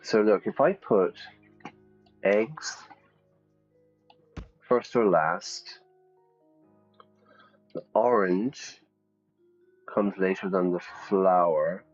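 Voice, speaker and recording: Lively male English teacher. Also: sits low, extremely slow, long pauses. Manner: lively, explains aloud, thinks out loud. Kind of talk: live-stream lesson while playing a game. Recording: slightly dull, faint music.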